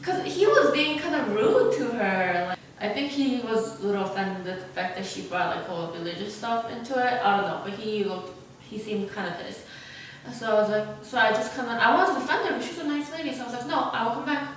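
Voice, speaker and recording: A woman's voice: on the high side, expressive, fairly quick, recorded from a distance. Rambling woman in a very echoey room. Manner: rambling, full of "like" and "you know" fillers. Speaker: mukbang vlogger. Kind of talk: casual storytime chat while eating. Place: large, sparsely furnished new apartment room. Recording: very echoey room, voice off-mic, faint hiss.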